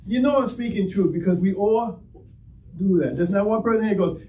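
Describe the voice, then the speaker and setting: A pastor with a high voice preaches to his congregation, moving between plain talk and acted-out back-and-forth. He sounds set back from the mic in an echoey church hall, with faint ambience behind him. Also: moderate pace, mellow, distant mic, slight background noise. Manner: impassioned, conversational preaching with acted-out dialogue. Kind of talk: sermon. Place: church sanctuary.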